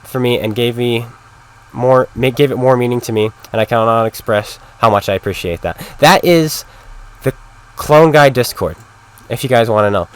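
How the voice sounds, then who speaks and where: A man's voice: medium pitch, normal speed, smooth. A man casually talking to his stream chat while playing a game, in a rambling, chatty way. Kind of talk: casual live-stream commentary.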